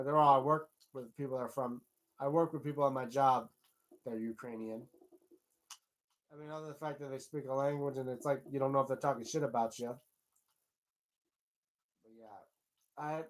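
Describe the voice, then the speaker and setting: A man with a slightly higher-than-usual voice hosts a livestream in a loose, rambling way. He wanders between thoughts, restarts often and drops casual curse words. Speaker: livestream host.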